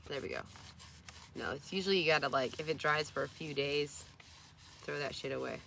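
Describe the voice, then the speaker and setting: A woman's voice: deep voice, brisk, gravelly, a bit bright. Chatty woman vlogger over outdoor noise. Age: 30s. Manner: rambling and candid, coos baby talk to her dogs. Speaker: van-life vlogger. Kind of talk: casual vlog chat.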